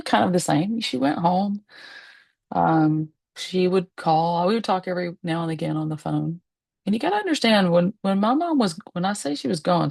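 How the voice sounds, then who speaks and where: A woman with a low, husky, gravelly voice tells her own story to the camera from a chair at home. She speaks candidly and with feeling, pausing often and letting soft laughs slip through. The sound is close and dry. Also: no echo. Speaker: medium and spiritualist. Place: at home, seated in a rocking chair.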